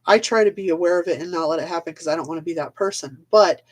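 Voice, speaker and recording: A woman's voice: fairly low pitch, quick pace. A woman ranting on a live video in a blunt, casual way, swearing freely, laughing often and trailing off mid-thought.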